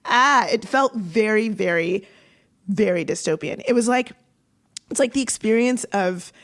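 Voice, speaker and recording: Woman on a casual podcast, mid-pitch voice, rambly and animated, lots of likes. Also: measured pace. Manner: chatty, lots of "like" and restarts, animated storytelling. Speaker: podcast co-host. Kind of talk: casual conversational podcast chat.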